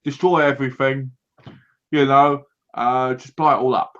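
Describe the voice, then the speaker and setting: A man co-hosting a movie review, retelling scenes in a lively way and often laughing. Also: medium pitch, moderate pace. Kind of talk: casual chat. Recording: dull lo-fi home recording.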